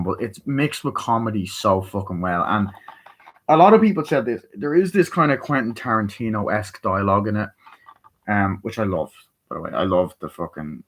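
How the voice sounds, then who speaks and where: Excitable, profane man reviewing a film. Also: on the low side. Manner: excited, profane, acts out quotes in raised voice. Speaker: movie reviewer. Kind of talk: casual film review retelling scenes.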